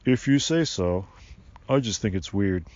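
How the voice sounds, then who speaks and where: A man voicing a booming, gruff tree spirit. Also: measured pace, darkish tone, highs cut off, lightly acted. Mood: puzzled.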